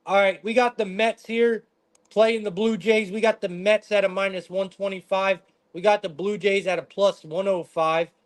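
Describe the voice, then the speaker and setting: A man hosting a live sports betting stream, giving casual game breakdowns and talking to his chat in a laid-back way. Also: sits high. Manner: laid-back, talks to chat, says "bro" and "man" often.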